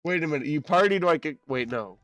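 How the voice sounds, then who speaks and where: A young man streaming a game, chatting casually with his audience in an excitable, rambling way with quick laughs. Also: fairly high pitch, no echo. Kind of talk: casual live-stream chat while gaming.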